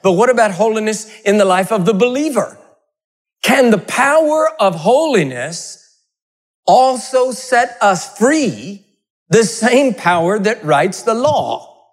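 A man's voice: high voice, big pitch swings, takes it slowly. A man preaching a sermon, telling funny stories in a conversational way. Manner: humorous storytelling, conversational.

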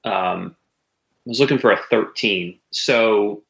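A man narrates a tabletop game as its game master, weighing his words with many pauses. His voice is low but bright and forward. The room around him rings with echo. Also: gravelly. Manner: relaxed and hesitant, many "um"s.

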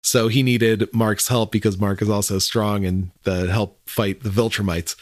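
A man co-hosting a casual podcast chat, laid-back and agreeable, thinking out loud about the plot. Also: on the low side, steady tone, moderate pace, no room sound, studio quality. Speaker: podcast co-host.

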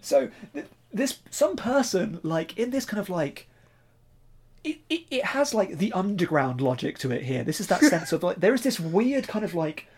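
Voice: medium pitch, big pitch swings, normal speed, darkish tone, breathy edge. A podcast guest gushing with enthusiasm about a favorite film in casual chat.

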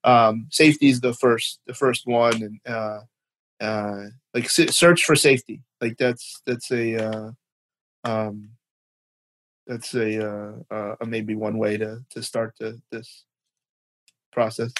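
A man's voice: on the low side, fairly even intonation, takes it slowly, a bit bright. A man from Canada, a guest in an interview, talking at length with many restarts and fillers. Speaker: guest, basketball performance clinician. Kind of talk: conversational interview.

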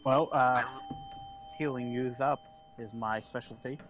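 A man's voice: mid-range voice, fairly even intonation, measured pace, a bit bright, faint music behind, close to an everyday voice. A man voices a wasteland healer in a tabletop game. He speaks plainly and matter-of-factly, without fuss.

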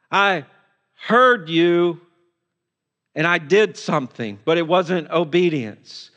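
Male pastor with a high voice for an emphatic, unhurried sermon. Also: bright, forceful tone, dull audio. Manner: emphatic, repeats rhetorical questions.

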